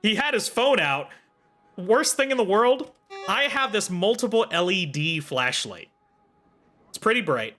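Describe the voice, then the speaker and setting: A man livestreaming from home, telling a comic story in a casual, animated way. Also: high voice, unhurried, faint music behind.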